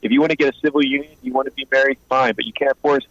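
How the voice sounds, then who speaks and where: A man in his fifties spins blunt, streetwise stories in a relaxed interview, slipping into the voices of the people he quotes. His voice sits at an ordinary pitch, and the sound is dull and lo-fi with a dry, close feel. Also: racing, no room sound. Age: 50s. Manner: streetwise, blunt, acts out both sides of quoted talk. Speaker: guest, former mobster turned informant and author. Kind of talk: casual interview storytelling.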